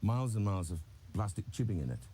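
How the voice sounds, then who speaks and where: A man's voice: lowish voice, sing-song, fast, dark tone, slight background noise. A man telling wry anecdotes in an interview. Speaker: actor interviewee. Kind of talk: casual interview chat.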